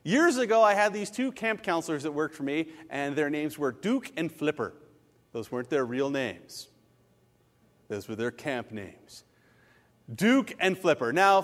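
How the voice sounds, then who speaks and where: A man's voice: sits high, long reverb tail. A man preaching a sermon as a pastor, telling stories with animation and acting out the quotes. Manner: animated storytelling, acts out quotes.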